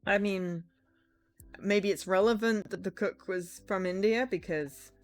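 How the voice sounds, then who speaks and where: A woman's voice: mid-range voice, fairly even intonation, measured pace, no room sound, faint music behind. A woman streamer giving casual game commentary, chatty and giggly.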